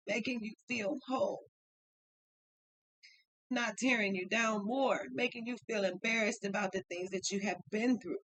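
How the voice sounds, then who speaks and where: A woman's voice: mid-range voice, normal speed, a bit bright, rough recording. Blunt, profane woman tarot reader. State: upset and tearful. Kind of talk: casual spoken tarot reading.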